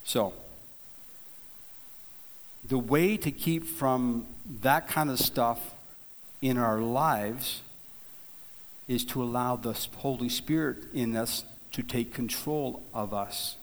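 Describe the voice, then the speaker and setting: A man preaching a sermon, telling a folksy story in a relaxed, conversational way, with frequent restarts and repeated words. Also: mid-range voice, takes it slowly, long pauses. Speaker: pastor. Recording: long hall reverb.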